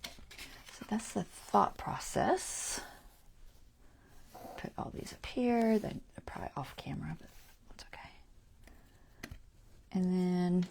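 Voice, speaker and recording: A woman hosting a crafting livestream from home, chatting casually as she thinks aloud through her choices and often dropping into soft, half-whispered asides. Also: lowish voice, vocal fry. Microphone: wearing a mic.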